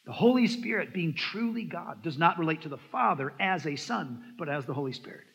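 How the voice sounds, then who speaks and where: A man preaches from the pulpit with emphatic swings between loud and soft, slowing on his key lines. His voice is a bit higher than usual for a man, bright and forceful. A long reverb hangs behind him, as in a church sanctuary. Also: animated, vocal fry, slightly rough. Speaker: pastor. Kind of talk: sermon. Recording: echoey hall with long reverb.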